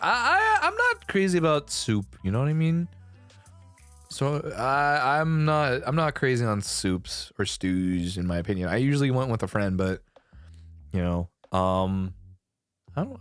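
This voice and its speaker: Male streamer, casual rambling chat, lots of swearing, very animated pitch, dry close sound. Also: a little slow, dry recording, faint music behind. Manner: rambling, heavy swearing, frequent self-restarts.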